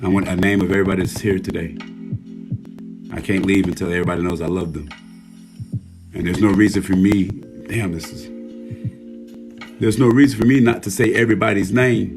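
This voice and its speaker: A hoarse man hosting a casual livestream, reading out viewer names and speaking earnestly, with frequent swearing. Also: on the low side. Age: adult, a military veteran. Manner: warm shout-outs reading viewer names. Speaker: livestream host.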